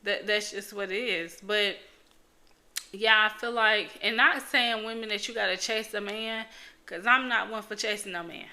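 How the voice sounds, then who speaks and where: A woman's voice: medium pitch, steady tone, normal speed, pushed and bright. A young woman hosting her own podcast, talking frankly and bluntly in casual chat, swearing freely and leaning on fillers. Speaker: podcast host. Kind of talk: casual solo podcast talk.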